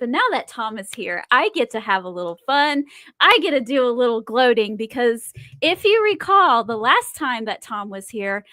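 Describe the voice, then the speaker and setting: A woman's voice: fairly high pitch, sharp tone, no echo, studio quality. A woman hosting a podcast in casual chat, running the show with a playful, teasing manner. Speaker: podcast host.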